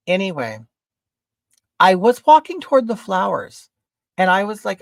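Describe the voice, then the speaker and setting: A man's voice: high-pitched, lively intonation, normal speed, creaky, no echo. A man in a drag persona, telling an indignant, dramatic story in a vlog. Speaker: vlogger.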